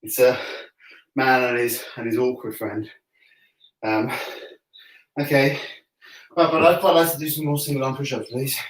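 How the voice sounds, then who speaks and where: A man's voice: mid-range voice, fairly even intonation, moderate pace, pauses often, far from the mic. A man leading a home workout class, chatty and joking, out of breath between sets. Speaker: fitness coach. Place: room at home. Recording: echoey room, voice from off-mic.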